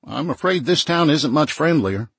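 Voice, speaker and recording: A preacherly small-town minister, as a man puts him on, speaks up higher than the reader's own husky voice. He sounds earnest and reassuring, in a dry, close recording. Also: lively intonation, moderate pace, dry recording, exaggerated voice. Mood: regretful.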